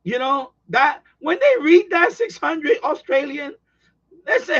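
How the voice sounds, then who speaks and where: A man hosting a radio hobby livestream, chatting casually with viewers in a rambling, excitable way with many restarts. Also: very high-pitched, takes it slowly, highs cut off. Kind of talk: casual livestream chat reading viewer comments.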